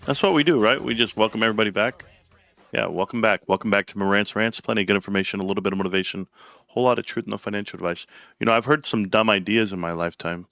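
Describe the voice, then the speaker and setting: A man's voice: fairly low pitch, fast talker, creaky, fairly bright tone, no echo, soft background music. A man hosting a casual livestream, rambling and joking irreverently as he talks. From United States. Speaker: livestream host. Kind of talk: casual stream commentary.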